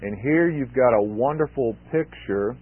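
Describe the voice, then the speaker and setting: A man's voice: medium pitch, moderate pace, slightly rough, dry recording. A man preaching an expository sermon, emphatic and repeating key phrases for weight. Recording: tinny phone-like sermon recording.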